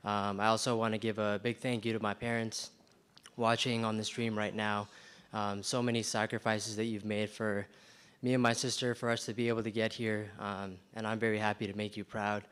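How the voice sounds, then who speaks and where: A young man gives a calm match day speech, thanking parents and mentors. His voice sits low and smooth, with a flat, even delivery. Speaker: medical school graduate.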